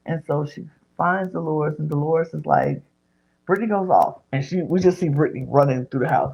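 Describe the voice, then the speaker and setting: A woman's voice: low-pitched, fairly quick, vocal fry, breathy edge, highs cut off. A woman hosting a podcast, retelling a reality show episode in casual chat and acting out what people said. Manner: animated retelling, acting out others' lines.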